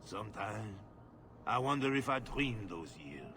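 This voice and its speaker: An actor playing a brooding, defensive husband whose wife has run off, grumbling and sighing. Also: male voice, lowish voice, very animated, a little slow, pushed and bright, slight background noise, exaggerated voice. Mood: bitter.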